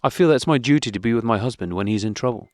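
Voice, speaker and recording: A man's voice: medium pitch, expressive, very fast, darkish tone, no room sound, clean studio sound, lightly acted. A man reading an audiobook, voicing a young wife who pleads and protests indignantly. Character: young wife, upset and insistent.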